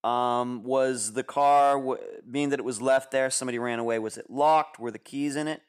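Male interviewer, gentle and probing, smooth resonant voice, mid pitch. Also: steady tone, moderate pace. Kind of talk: interview questions.

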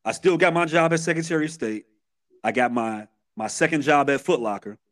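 With a fairly high, slightly bright voice and a little fast delivery, a thirty-something Chicagoan revisits his past as a podcast guest. His accent marks him as from Chicago, USA, and his stories are candid and streetwise, with many restarts.

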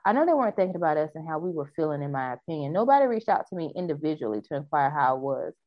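A woman's voice: low voice, very animated, rapid-fire, no room sound, dull audio. A woman co-hosting a casual talk show, reading news stories aloud and discussing them. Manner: reads news aloud, then chats loosely. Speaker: podcast co-host reading news.

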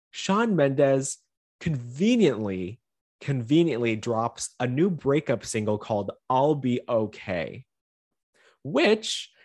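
Animated teasing male podcast co-host. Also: mid-range voice, husky, no room sound, clean studio sound. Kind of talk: casual chat. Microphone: video call.

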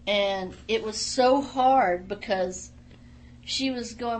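A woman's voice: medium pitch, takes it slowly. A middle-aged woman, a former wrestler and studio guest, tells stories emphatically in a casual radio interview. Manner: animated, emphatic storyteller.

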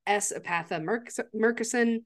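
A woman's voice: a little high, normal speed. A woman co-hosting a podcast, eagerly retelling film scenes and acting out the characters' lines. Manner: enthusiastic, animated storytelling with acted-out quotes. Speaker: podcast co-host. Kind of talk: casual movie recap chat.

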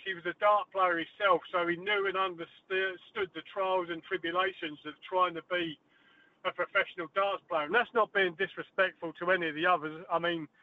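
High-voiced man on a phone line. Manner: chatty storytelling with many fillers. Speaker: guest, former darts player. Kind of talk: casual phone interview. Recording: tinny phone line, dry.

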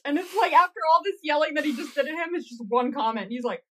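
A woman co-hosting a casual podcast recap. Her voice sits high, and she reacts with frequent giggles and animated asides, now and then acting out the characters herself. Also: fast talker, hardly any pauses. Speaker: podcast co-host.

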